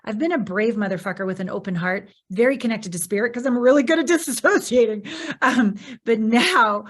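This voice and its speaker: A woman hosting a podcast in candid conversation, expressive and acting out her own reactions in animated bursts. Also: fairly high pitch, fairly quick. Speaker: podcast host.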